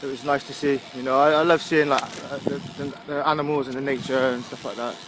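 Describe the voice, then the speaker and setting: A man's voice: mid-range voice, little pitch movement, brisk, very noisy. A man from England with a Gloucestershire accent, rambling in a casual video diary while riding his bike outdoors, full of fillers. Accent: Gloucestershire English. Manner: rambling, chatty, with frequent fillers and laughs. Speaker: touring cyclist vlogger. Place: outdoors on a roadside while cycling.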